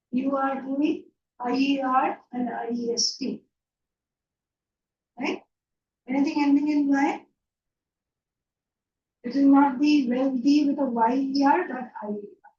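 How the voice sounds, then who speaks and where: High-voiced woman teaching grammar, slowly. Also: fairly even intonation, dark tone, a little hiss or hum. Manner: patient, checks understanding with "yeah?" and "right?". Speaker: English teacher. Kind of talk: online grammar lecture. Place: online class from a room. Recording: roomy, distant, dull online lecture audio.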